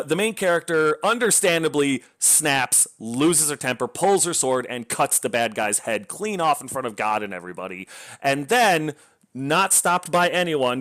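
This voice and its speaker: A man's voice: medium pitch, fairly bright tone. A man giving a casual book review rant, blunt and sarcastic, swearing freely in exasperation.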